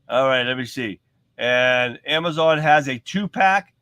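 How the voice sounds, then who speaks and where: A man's voice: a little high, fairly even intonation, normal speed, bright, forceful tone, clear, resonant tone, dry recording. A man hosting a livestream, giving casual commentary in a rambling, chatty way. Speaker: livestream host.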